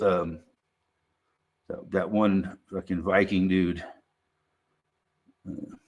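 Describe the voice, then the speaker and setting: A man streaming a casual monologue, rambling and swearing freely, with lots of halting restarts and "you know". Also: lowish voice.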